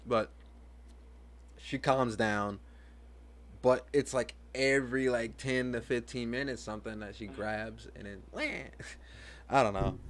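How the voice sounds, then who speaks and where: A man's voice: mid-range voice, a little hiss or hum. Rambling, philosophizing man vlogger. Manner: rambling, philosophizing, repeats himself. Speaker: vlogger and parent. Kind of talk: casual rambling monologue.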